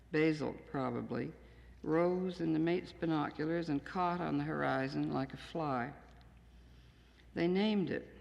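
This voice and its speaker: Gravelly older woman reading poems in a hall. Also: sits low, darkish tone. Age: 60s. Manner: plain, understated, measured reading. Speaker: poet reading her own work. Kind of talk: poetry reading to an audience. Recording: dull 1970s tape in an echoey hall.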